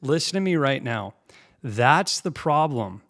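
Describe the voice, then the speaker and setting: A young man hosting a political commentary show, combative and mocking, pausing to mimic clips he plays. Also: mid-range voice, lively intonation, vocal fry, a bit bright.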